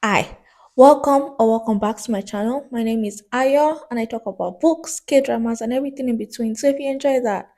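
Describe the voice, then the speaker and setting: A young woman talks through her thoughts on books in a relaxed, chatty vlog, now and then breaking into a laugh. Her voice is soft and mellow rather than bright, with a slight sick heaviness to it. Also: a little high, fairly quick. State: sick, a bit congested. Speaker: book vlogger. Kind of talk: casual vlog commentary.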